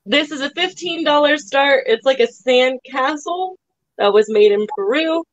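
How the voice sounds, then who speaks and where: Giggly high-voiced woman hosting a sale. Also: expressive, unhurried, no room sound, highs cut off. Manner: giggly, laughs often while talking. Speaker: live online sale host. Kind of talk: casual live-stream selling chat.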